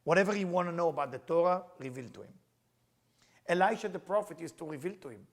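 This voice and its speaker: A man's voice: on the high side, lively intonation, quick pace. A middle-aged man teaching Kabbalah in an earnest way, mixing personal stories into the lesson in plain, slightly non-native phrasing.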